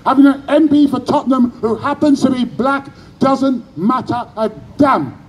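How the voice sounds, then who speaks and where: A man's voice: very high voice, moderate pace, darkish tone, poor audio. A man, giving an impassioned protest speech outdoors and leading call-and-response chants as an activist speaker.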